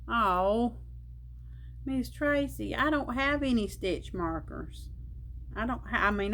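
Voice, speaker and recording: A woman's voice: mid-range voice, a little hiss or hum. A woman, chatting casually while opening gifts on her crochet vlog, emotional and folksy in her speech. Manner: warm, emotional, slow and drawling with folksy grammar. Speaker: crochet vlogger. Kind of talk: casual unboxing chat.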